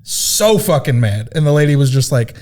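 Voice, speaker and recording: Man, comedian guest, mellow warm voice, profane self-mocking storyteller, casual podcast. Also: mid-range voice, sing-song, normal speed.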